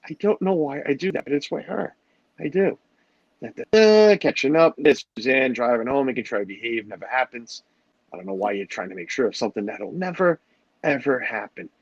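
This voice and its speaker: A middle-aged man hosts a livestream, rambling and cracking jokes as he greets his chat in a casual exchange with his live audience. His voice sits at a medium pitch and moves fairly quickly, with no room sound and the highs cut off.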